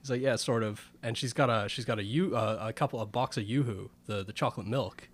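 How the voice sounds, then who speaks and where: Enthusiastic podcast co-host. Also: male voice, mid-range voice, fast, husky. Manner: enthusiastic, swearing. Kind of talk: casual podcast chat.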